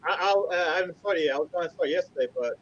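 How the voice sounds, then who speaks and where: A man co-hosting a podcast who talks quickly and stumbles over his first words. His voice is high for a man. The sound is dull and lo-fi, as if he sits back from the microphone. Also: a little hiss or hum. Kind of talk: casual chat.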